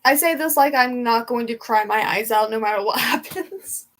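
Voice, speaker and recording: Young woman streamer, rambling and emotional, slightly high voice, casual chat from home. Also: moderate pace, fairly bright tone. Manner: rambling, emotional, chatty fan talk. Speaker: livestream host.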